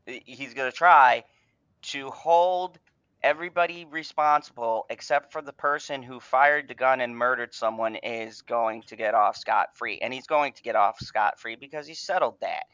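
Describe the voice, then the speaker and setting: A man's voice: mid-range voice, normal speed, a bit bright, smooth, no echo. A man hosting an online fan podcast, ranting angrily with heavy profanity and stammered restarts. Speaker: podcast host. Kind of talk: ranting casual chat. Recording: dull, dry home mic sound.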